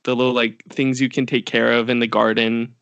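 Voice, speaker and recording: A man's voice: medium pitch, level tone, brisk, creaky, fairly bright tone, clean tone, no echo, muffled recording. A young man co-hosting a podcast, telling rambling stories full of fillers. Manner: rambling storyteller, many fillers. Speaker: podcast co-host. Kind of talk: casual chat.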